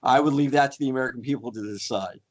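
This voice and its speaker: A man's voice: medium pitch, fast, lightly acted. A man playing a boastful mock senator who rambles with fillers and brags in a comedy debate podcast, recorded on dull lo-fi audio. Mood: rambling.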